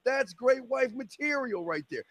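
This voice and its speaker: Preachy high-voiced male podcast host. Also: animated, fairly bright tone, no room sound. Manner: preachy, lecturing, drawn-out emphatic words. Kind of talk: opinionated podcast lecture.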